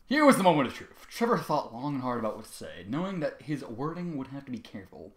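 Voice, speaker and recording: A man reading a fan fiction story aloud with expressive, dramatic delivery. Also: medium pitch, fast talker, few pauses, reverberant.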